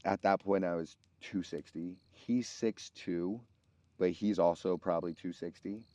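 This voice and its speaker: Very deep-voiced man telling a story. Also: steady tone, dark tone, no echo. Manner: halting, restarts mid-sentence while recounting. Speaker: podcast co-host telling a personal story. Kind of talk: casual storytelling chat.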